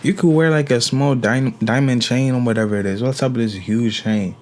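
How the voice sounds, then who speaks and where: A man's voice: medium pitch, a little fast, darkish tone. A man giving casual reaction commentary, incredulous and questioning, often repeating himself.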